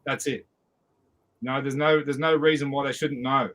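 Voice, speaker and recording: A man's voice: mid-range voice, steady tone, normal speed, fairly bright tone, low-quality recording. A man on a livestream who talks emphatically, agreeing with others and repeating his points. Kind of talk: casual livestream chat.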